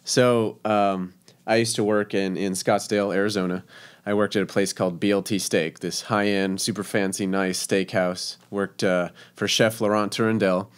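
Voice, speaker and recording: A man's voice: fairly low pitch, little pitch movement, moderate pace, smooth. A man, a professional chef from Texas, telling stories in a casual interview, chatty and laughing, with many fillers.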